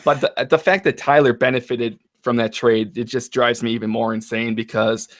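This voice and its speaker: A man co-hosting a casual fantasy football podcast, ranting in an animated, profane way. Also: medium pitch, moderate pace. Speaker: podcast co-host.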